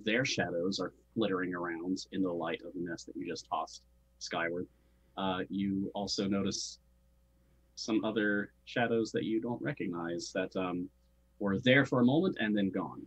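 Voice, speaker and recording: Husky male game master, low voice. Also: normal speed, poor audio. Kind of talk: narrating a tabletop game.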